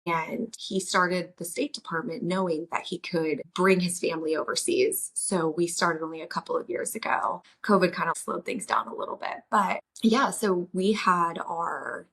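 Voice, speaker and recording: Woman, 30s, podcast host; low husky voice, rambling reflective delivery with restarts. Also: fairly even intonation, normal speed, few pauses, fairly bright tone. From United States. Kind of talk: reflective solo podcast monologue.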